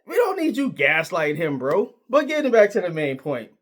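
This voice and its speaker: A man's voice: sits high, very animated, moderate pace, a bit bright. A man giving a casual, emphatic sports opinion monologue, full of slang and repeated points. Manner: emphatic, repetitive, slangy, argumentative. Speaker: sports commentator.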